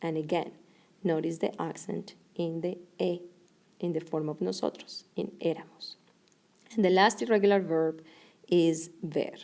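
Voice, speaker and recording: A woman teaching a recorded grammar lesson, explaining clearly and slowing down for each example. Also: lowish voice, steady tone, a little mellow. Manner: clear, measured explanation with slow deliberate examples. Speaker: Spanish teacher.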